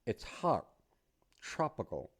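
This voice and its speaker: A middle-aged man teaching English phrases to learners, repeating each phrase slowly and casually. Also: fairly bright tone. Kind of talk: casual online English lesson.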